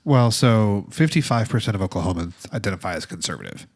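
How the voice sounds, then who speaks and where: A man's voice: lowish voice, animated, fast, a little mellow. A man co-hosting a podcast who chats casually about politics and quizzes his partner with numbers and facts. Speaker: podcast co-host.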